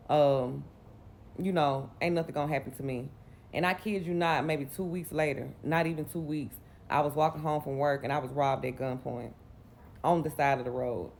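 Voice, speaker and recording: A woman's voice: sits low, fairly even intonation, moderate pace, creaky, darkish tone, a little hiss or hum. Candid Southern woman telling her story. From Mississippi, US. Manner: candid, rambling, conversational. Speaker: vlogger. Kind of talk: personal storytelling.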